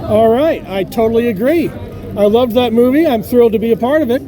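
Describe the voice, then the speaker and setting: Man interviewing on a city street, very high voice, crowd noise around. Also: mellow, soft background music. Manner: jokey, quick-witted. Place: busy city street outdoors. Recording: crowd and traffic behind.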